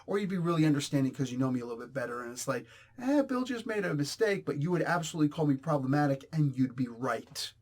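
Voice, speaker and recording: A man's voice: mid-range voice, racing, hardly any pauses, a little mellow. A man reviewing a comic book in casual commentary, heated and emphatic, often repeating his points.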